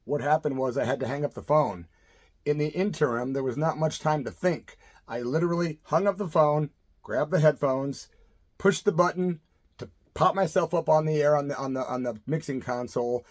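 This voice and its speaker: A man's voice: on the high side, normal speed. Laid-back middle-aged male radio DJ. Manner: laid-back, rambling, says "man" a lot. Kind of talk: casual storytelling to camera.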